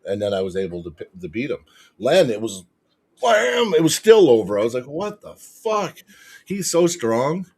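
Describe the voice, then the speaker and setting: A man telling a match story as a podcast guest, excitable and swearing constantly. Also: medium pitch, fairly quick. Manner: excitable, profanity-heavy retelling. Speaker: podcast guest, arm wrestler. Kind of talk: casual storytelling chat.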